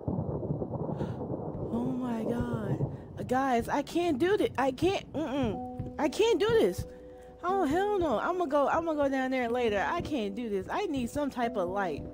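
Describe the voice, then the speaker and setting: In another horror game let's play with loud music behind her, this female gaming streamer sits high in pitch and sounds expressive at a measured pace. She startles easily, curses and argues with the game out of fright.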